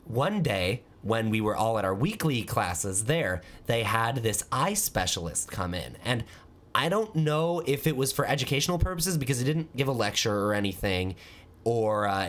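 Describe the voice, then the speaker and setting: A man's voice: on the low side, a bit bright. Man telling a self-mocking story. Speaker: podcast host. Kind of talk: casual chat.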